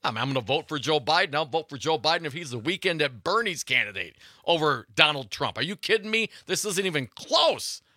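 A man co-hosting a call-in talk radio show, chatty and quick to laugh, cutting in on callers. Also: a little high, lively intonation, sharp tone, no room sound, clean studio sound.

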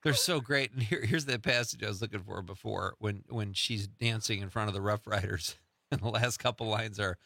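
A man's voice: on the low side, normal speed, creaky, no room sound, studio quality. A man hosting a live radio show, chatting casually with a guest and laughing often. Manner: lively, laughs often, reads verse aloud. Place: radio studio.

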